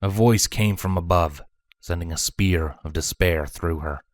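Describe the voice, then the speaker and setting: Man, very deep voice, measured dramatic story narration, dry close sound. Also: fairly even intonation, dry recording. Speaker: fanfiction reader.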